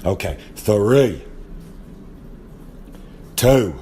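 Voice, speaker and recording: Very slow and expressive, this young man's fairly low, dark voice carries a Southern American accent and a folksy, rambling drawl. The wrestler talks casually for a podcast segment in his home trailer, calling himself by name in the third person, over a little hiss or hum.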